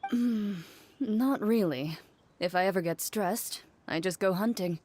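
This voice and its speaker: A woman voicing a calm, reserved woman in a game who speaks in a level, matter-of-fact way. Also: medium pitch, unhurried, a little hiss or hum, lightly acted. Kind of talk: game voice acting.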